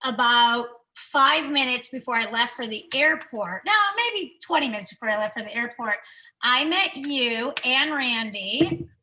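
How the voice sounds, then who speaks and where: A woman's voice: fairly high pitch, expressive, measured pace, pushed and bright, a little hiss or hum, low-quality recording. A woman on a video call telling a heartfelt story, earnest and rambling. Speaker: guest on a business video call. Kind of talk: heartfelt casual chat.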